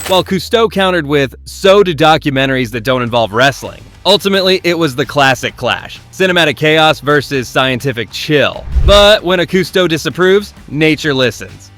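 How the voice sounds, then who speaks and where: A man's voice: mid-range voice, fairly bright tone. Man narrating wry mocking commentary. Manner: wry, mocking, punchy delivery. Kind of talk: scripted sarcastic commentary narration. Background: faint background music.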